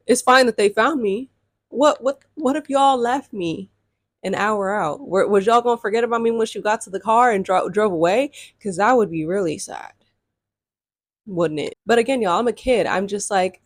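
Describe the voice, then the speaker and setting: This YouTube storyteller, a young woman, speaks at a medium pitch, expressive and quick, in a relaxed storytime vlog. Her talk is loose and chatty, full of "like," with frequent nods to "y'all." The audio is studio quality with no room sound.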